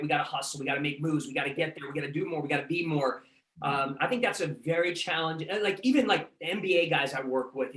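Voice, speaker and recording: A man's voice: on the high side, fairly bright tone, echoey room. A man hosting a podcast interview, encouraging and conversational. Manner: encouraging, quick affirmations. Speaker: podcast host, coach. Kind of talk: casual interview chat.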